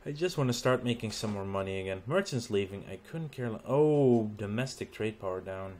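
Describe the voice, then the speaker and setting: Tired male let's play host, lowish voice, thinks out loud with ums over a soft hiss. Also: expressive. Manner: musing aloud, halting with ums and restarts. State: tired, recording late at night. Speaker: gaming channel host.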